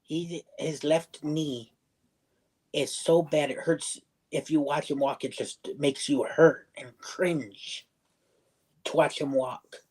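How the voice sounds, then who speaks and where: A man's voice: a little high, fairly even intonation, slow pace, a little mellow, slightly rough, poor audio. Man telling a rambling personal story. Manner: rambling, circles back and restarts sentences; acts out other people's lines in the story. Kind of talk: casual storytelling on a livestream.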